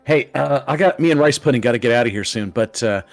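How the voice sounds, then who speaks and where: A man's voice: mid-range voice, fast, pitched above the performer's own voice, close to an everyday voice. A man voicing a friendly, chatty male trader who rambles casually.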